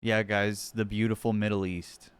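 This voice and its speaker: A man's voice: lowish voice, flat delivery, normal speed, clear, resonant tone. A young man streaming and reacting to videos, talking to his chat in a profane, sarcastic way. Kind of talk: casual live-stream commentary.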